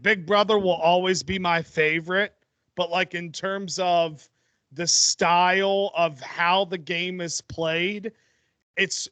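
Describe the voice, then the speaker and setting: A young man with a high, bright, ringing voice chats on a podcast. He rambles eagerly and keeps restarting his sentences. The sound is dry and close. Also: smooth, no echo. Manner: excited, rambling storytelling with restarts. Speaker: podcast co-host. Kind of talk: casual chat.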